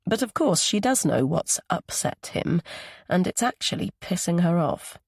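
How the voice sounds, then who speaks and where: A woman's voice: on the low side, sing-song, normal speed, creaky, husky, dry recording, studio quality. A woman narrating a psychological thriller audiobook, giving each character its own voice.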